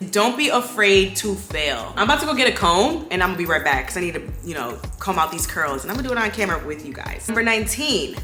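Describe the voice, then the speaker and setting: A woman's voice: medium pitch, reverberant. A woman, chatting casually and emphatically while doing her makeup at home at night. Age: 20s. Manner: animated, emphatic, preachy motivational. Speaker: beauty vlogger.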